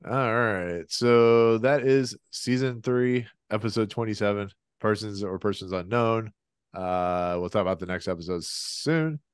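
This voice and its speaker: Man, podcast host, low pitch, smooth voice, laid-back playful chat. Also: unhurried, no echo. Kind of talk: casual chat.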